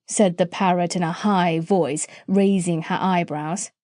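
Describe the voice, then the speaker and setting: Expressive female audiobook narrator, warm and lively, dry close mic. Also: lowish voice, unhurried, hardly any pauses, dry recording. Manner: expressive, storytelling. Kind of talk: storybook narration.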